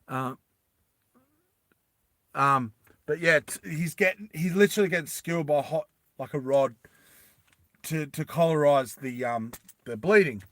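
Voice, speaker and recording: A man casually retelling an adventure story in a rambling, animated way with many fillers. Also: a little high, measured pace, pauses often, no room sound.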